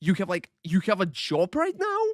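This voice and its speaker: Higher-voiced man streaming, dry and close. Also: wildly swooping pitch, moderate pace, dry recording. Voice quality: profane, rambling, filler-heavy. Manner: chats loosely with viewers, greets them by name. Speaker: game streamer. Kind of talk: casual live-stream chat. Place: Paris.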